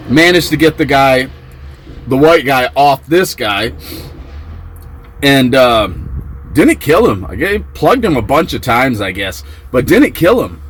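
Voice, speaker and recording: A man telling a story from his time in prison in a casual vlog, acting out the quotes with excited yelps. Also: medium pitch, slight background noise, rough recording.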